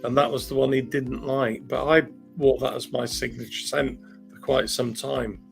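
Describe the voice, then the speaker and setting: Middle-aged guy, gravelly voice, blunt and frank, bit of faint music behind. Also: mid-range voice, level tone, normal speed, low-quality recording. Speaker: co-host. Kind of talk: casual chat.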